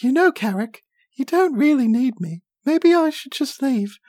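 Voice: high-pitched, animated, unhurried, warm tone, dry recording, studio quality, pitched above the performer's own voice. A narrator voicing a timid, tearful male halfling who complains and pities himself while reading a gamebook aloud with friends. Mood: whiny fearful. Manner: whiny, fearful, self-pitying.

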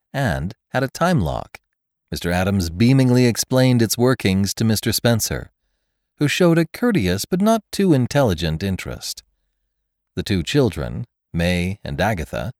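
A man with a deep, low voice narrates a classic tale in scripted audiobook style. His reading is expressive, with lively rises and falls in pitch. The sound is close and dry. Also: no room sound. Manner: expressive, measured storytelling. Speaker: podcast narrator.

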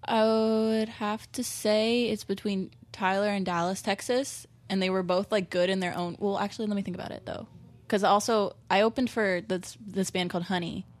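A woman's voice: mid-range voice, fairly even intonation, normal speed. A young woman, a touring musician, chatting casually on a podcast, bubbly and laughing often as she acts out what people said.

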